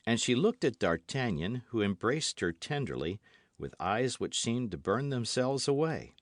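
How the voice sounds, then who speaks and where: A man narrating a classic novel as an audiobook, in an expressive, measured reading. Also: medium pitch, dry recording, studio quality. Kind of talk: scripted narration.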